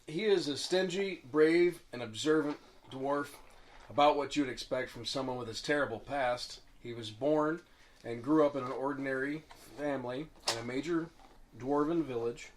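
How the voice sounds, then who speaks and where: A man's voice: a little high, a little hiss or hum. A man at a tabletop game reading his dwarf character's backstory, with offhand self-mocking asides.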